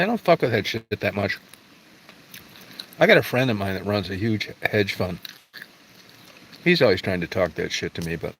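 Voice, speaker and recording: Middle-aged guy on a livestream, low voice, swears a lot, rambles on, bit of noise behind. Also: fairly bright tone, poor audio. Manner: blunt, profane, rambling. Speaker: livestream host. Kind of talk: casual livestream chat answering viewers.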